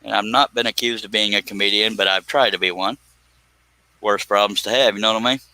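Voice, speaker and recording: A man hosts a casual woodworking live stream, joking and wandering off topic as he works. His voice sits low but sounds sharp and bright. The sound is close and dry, with no room around it. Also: steady tone, fairly quick, dry recording, poor audio. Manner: joking, rambling, slips into put-on voices. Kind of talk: casual live-stream chat while scroll sawing.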